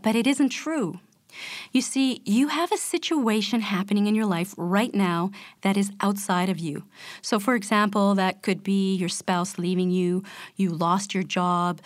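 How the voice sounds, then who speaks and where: Woman doing a motivational self-help talk, calm and direct, dry close sound. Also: mid-range voice, no room sound. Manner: calm, explanatory, addresses the listener directly. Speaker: motivational speaker.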